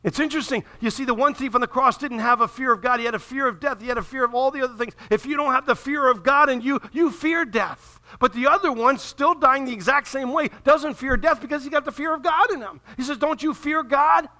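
A man preaching a sermon to a congregation, moving from calm teaching to loud, impassioned delivery as he acts out voices from the scripture. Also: very high-pitched, fast talker, hardly any pauses. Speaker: pastor.

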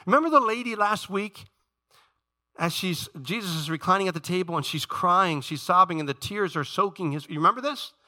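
A man pastor preaching a sermon in a church, shifting between quiet conversational asides and emphatic, rising peaks. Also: sits high, lively intonation, fairly quick.

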